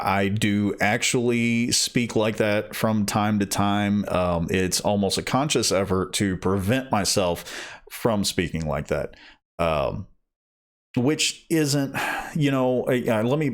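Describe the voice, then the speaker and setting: A man reading an audiobook, talking casually to listeners afterwards in a slow, rambling way that keeps correcting itself. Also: fairly low pitch. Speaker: audiobook reader.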